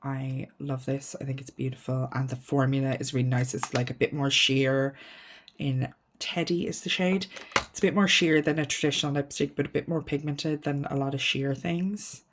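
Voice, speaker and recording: Sorting through her makeup collection, a woman vlogger talks casually and thinks aloud, candid and self-deprecating, with sentences fading into ums. She has a very deep, steady voice, a moderate pace, and slight background noise.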